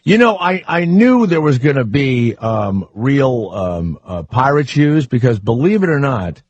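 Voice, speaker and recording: A man hosting a talk radio show in a dry studio, his voice a little husky. He jokes and rambles through callers and guests with plenty of fillers. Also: mid-range voice, very animated, unhurried, a little mellow, no room sound, lo-fi sound. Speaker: radio host. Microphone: studio microphone.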